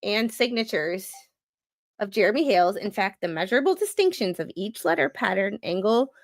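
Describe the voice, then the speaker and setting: A woman hosting a commentary stream, reading court documents aloud in a halting, rambling way, with many fillers and restarts. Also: mid-range voice, animated, gravelly, no room sound. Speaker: commentary host.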